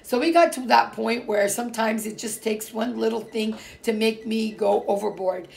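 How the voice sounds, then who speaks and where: A woman's voice: on the high side, normal speed, vocal fry, a little mellow, slight background noise. A middle-aged woman from Portugal chatting casually to her viewers, rambling and emphatic with many fillers and restarts. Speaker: vlogger. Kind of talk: casual personal talk to viewers.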